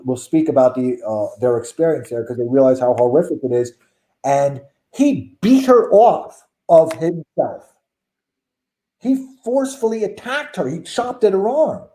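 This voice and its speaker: A man's voice: on the high side, dark tone. A man in casual conversation who argues his opinions emphatically and piles on rhetorical questions. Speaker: guest. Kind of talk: casual chat.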